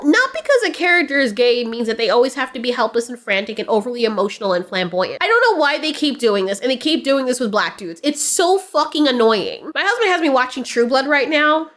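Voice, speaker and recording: A woman's voice: a little high, a bit bright. A young woman giving casual, blunt, profane and sarcastic commentary as a reaction vlogger.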